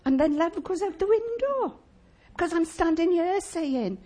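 A woman preaching a sermon in church, emphatic and lively, asking the congregation rhetorical questions. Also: extremely high pitch, a little slow.

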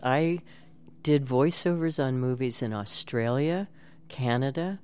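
A woman, a voice actress and guest, telling stories in a relaxed interview chat and laughing often. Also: extremely low pitch, measured pace, clear, resonant tone. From United States. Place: home studio.

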